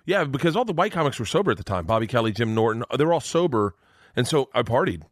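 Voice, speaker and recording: Fast-talking male comedian telling a story. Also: mid-range voice, no room sound, studio quality. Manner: animated, swearing, acts out voices. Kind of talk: storytelling on a podcast.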